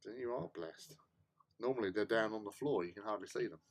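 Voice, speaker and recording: A man's voice: on the low side, brisk. A man hosting a hobby livestream, chatting casually in a rambling, self-mocking way. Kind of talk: casual chat.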